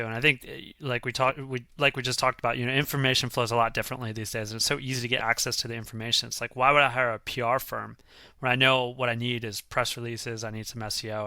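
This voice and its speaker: A man's voice: mid-range voice, bright, forceful tone, clean tone, no room sound, clean studio sound. A man co-hosting a casual business podcast, agreeable and joking. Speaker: podcast co-host.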